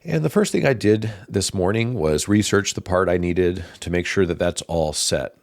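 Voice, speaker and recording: A man hosting his own podcast, talking in a calm, thoughtful, casual way with pauses. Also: sits low, no echo, studio quality. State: slightly out of breath. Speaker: podcast host. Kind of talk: casual reflective monologue.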